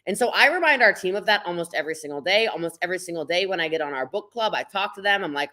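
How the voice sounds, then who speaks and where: A woman's voice: fairly low pitch, lively intonation, racing, few pauses, pushed and bright. A woman coaching viewers on a live stream, blunt and emphatic, hammering her points home with repetition. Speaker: business coach.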